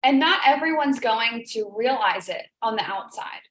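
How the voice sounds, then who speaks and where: A woman's voice: on the high side, lively intonation, moderate pace, a bit bright. Earnest woman hosting an echoey live stream. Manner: emotional, earnest, repeats phrases for emphasis. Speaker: host of a live business coaching stream. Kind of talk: live-stream motivational talk. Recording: echoey room.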